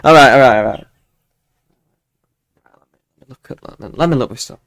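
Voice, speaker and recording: A man's voice: mid-range voice, normal speed, fairly bright tone, dry recording. A man with a mild Yorkshire accent hosting a live weather forecast stream, rambling and chatty with lots of fillers and restarts. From Yorkshire, England. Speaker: weather channel host.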